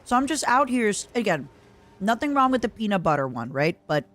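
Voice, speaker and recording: A woman's voice: medium pitch, big pitch swings, a little fast, fairly bright tone, slight background noise. A young woman streaming a video game, chatting in a rambling, casual way and answering her viewers. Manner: rambling, chatty, reads out chat messages. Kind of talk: casual chat while playing a video game.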